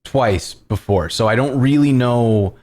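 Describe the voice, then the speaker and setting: A man's voice: mid-range voice, measured pace. A man hosting a live coding stream, chatting casually and laughing often. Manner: laughs often, animated and playful. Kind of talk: casual chat.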